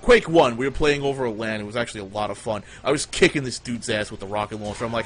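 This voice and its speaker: A man's voice: mid-range voice, rapid-fire, few pauses. A man hosting a livestream, telling crude comic tall tales in a rambling, swearing style. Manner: rambling, swears a lot, jumps into loud quoted voices. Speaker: livestream storyteller, host.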